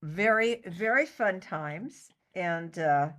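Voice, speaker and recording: A middle-aged woman, a guest on an interview show, telling a story in a lively, chatty way and acting out other people's lines. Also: on the low side, slow pace. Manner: animated anecdote teller, acts out other people's lines. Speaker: interview guest, costumer and actor.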